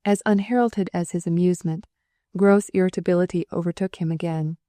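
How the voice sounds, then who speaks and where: Brief: woman audiobook narrator, lowish mellow voice, measured and expressive, dry close sound. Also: no echo. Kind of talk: storybook narration.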